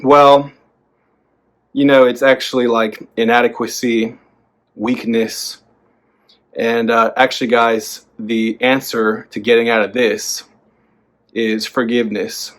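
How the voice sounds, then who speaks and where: A young man hosting a motivational talk, blunt and profane, breaking into loud, lively bursts. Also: mid-range voice, slow pace, long pauses. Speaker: self-help podcast host. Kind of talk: motivational monologue.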